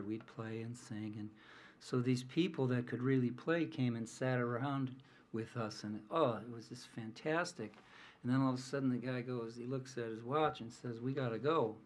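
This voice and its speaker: A man from the American Midwest, a folk singer, telling a rambling, easygoing story on a small coffee house stage, with many filler pauses, over guitar. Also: mid-range voice. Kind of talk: onstage storytelling between songs. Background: guitar playing under the talk.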